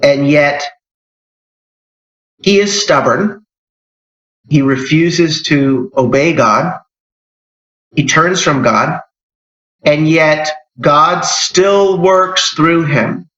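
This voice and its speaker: Guy preaching casually, bright forceful voice, kinda high, echoey lo-fi church room. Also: very slow, pauses often. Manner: conversational, with frequent restarts and emphatic rises. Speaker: church elder teaching a Bible lesson. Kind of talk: informal sermon. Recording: echoey church hall, dull lo-fi sound.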